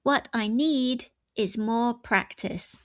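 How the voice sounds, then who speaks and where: A woman gives a grammar lesson in a slow, careful voice, building each example sentence step by step. Her voice sits slightly high. The recording is dry and close, with no room echo. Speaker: English grammar teacher.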